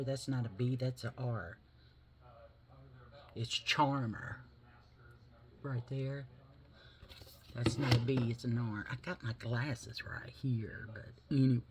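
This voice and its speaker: A man talks through his makeup routine in a slow, meandering way, drifting between stories and product chatter. He swears without fuss and drops to a whisper for little asides, his voice sitting at an everyday middle pitch. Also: fairly even intonation, a little mellow. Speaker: makeup vlogger. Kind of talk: casual chat while doing makeup.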